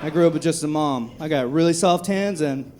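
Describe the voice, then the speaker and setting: A man from Texas performing a live stand-up set on a comedy club stage, with profane, dark, self-mocking jokes. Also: on the high side, brisk. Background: audience laughter.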